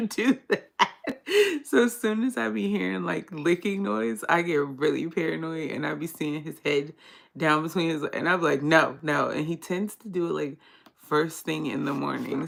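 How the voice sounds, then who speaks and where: A woman from the United States doing a casual livestream card reading, chatty and low-key, in what she calls her monotone morning voice. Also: slight background noise. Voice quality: gravelly morning voice. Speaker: tarot card reader.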